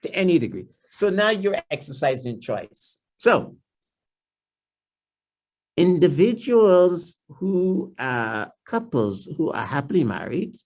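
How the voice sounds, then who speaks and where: Taking it slowly and sing-song, a guest speaker with a Trinidadian accent gives a seminar-style talk at a church family series. He explains, repeats words, restarts often, and goes lower and softer when he voices someone's inner thoughts.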